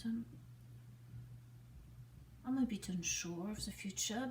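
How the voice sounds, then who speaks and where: A woman vlogging alone, talking softly and hesitantly and often dropping into a whisper. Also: medium pitch, measured pace, pauses often. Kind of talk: improvised solo vlog. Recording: echoey room, distant mic, faint noise.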